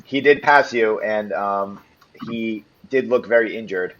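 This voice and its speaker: A man's voice: fairly low pitch, a little slow, muffled recording, slight background noise. A man narrating as game master in a tabletop game, hesitant and full of ums and restarts.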